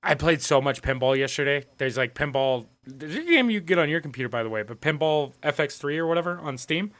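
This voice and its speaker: A man's voice: fairly high pitch, expressive, a little fast, fairly bright tone. A man co-hosting a casual chat, joking, swearing freely and laughing a lot. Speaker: co-host.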